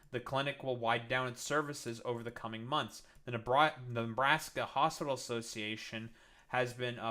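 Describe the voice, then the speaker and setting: A man with a bright, forward voice rants in live-stream political commentary. He swears freely and keeps stumbling into restarts as he pushes his point. His pitch sits in an ordinary middle range. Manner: heated ranting with profanity and many restarts.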